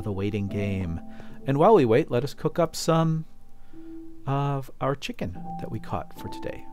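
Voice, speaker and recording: A man narrates his own gameplay in a relaxed, chatty way, joking and addressing things on screen as if they could hear him. His pitch jumps around a lot, with a medium overall pitch. Game music plays clearly underneath. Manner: playful, chatty, talks to in-game objects. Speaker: let's play host. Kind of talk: casual game commentary.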